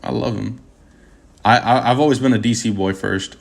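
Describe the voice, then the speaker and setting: A young man of Puerto Rican heritage chatting casually on a livestream, rambling and animated, with constant stammering restarts and slang. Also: on the low side, moderate pace, vocal fry. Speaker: streamer answering chat.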